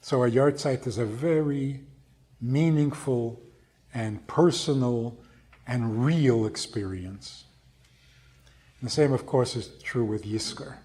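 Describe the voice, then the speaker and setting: A rabbi delivers a storytelling talk at an unhurried pace. His voice is husky and mid-pitched, and his phrasing is emphatic and deliberate. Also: warm tone. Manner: slow, emphatic, acts out quotes. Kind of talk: storytelling lecture.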